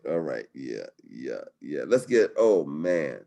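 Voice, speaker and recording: A man's voice: a bass voice, sing-song, slow pace, creaky, warm tone. A man hosting a live webinar over a video call, talking in an upbeat, slangy, hyped-up way. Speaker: webinar host. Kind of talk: live webinar sales talk.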